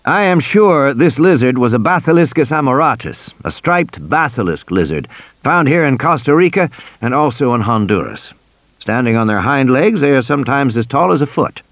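A man voicing a calm, assured American field biologist with a soft Southern accent in an audiobook. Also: mid-range voice, normal speed, no echo, voice pushed up.

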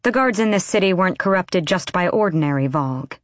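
In clean studio sound with no room sound, a woman with a voice on the low side narrates a fantasy audiobook. Her scripted narration is steady and measured.

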